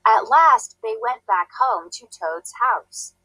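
A woman teacher reading a storybook aloud to a class, clear, deliberate and expressive. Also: on the high side, no echo, rough recording.

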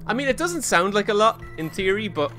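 A man gives running commentary while he plays a video game on stream. He swears freely and jokes at his own expense. His voice is bright and edgy, and faint game music runs behind him. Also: sits high, brisk. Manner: excitable, self-mocking, swears often. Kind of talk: casual let's-play commentary.

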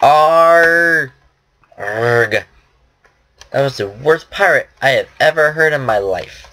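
At a normal speed, a man with an animated, mid-range voice that comes across pushed and bright narrates a game from his home computer. His chatter is casual and meandering, and he often makes himself the butt of the joke.

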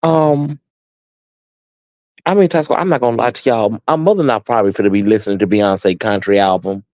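Sassy american guy chatting on a live stream, dark mellow voice, kinda dull dry audio. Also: fairly low pitch, fairly quick, dry recording. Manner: sassy, chatty, addresses viewers as honey and baby. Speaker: host. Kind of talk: casual live-stream chat.

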